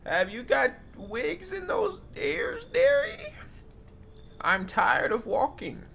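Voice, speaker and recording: A man putting on a squeaky old granny. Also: huge pitch swings, vocal fry, sharp tone, slight background noise, heavily acted. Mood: folksy. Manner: high quavering granny voice, slow drawn-out words. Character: chatty old grandmother visitor, folksy and cryptic.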